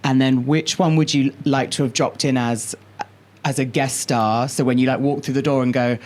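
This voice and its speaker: Chatty woman host with a very deep voice. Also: steady tone, moderate pace, darkish tone. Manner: chatty, rambling questions. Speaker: podcast host. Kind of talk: casual podcast chat.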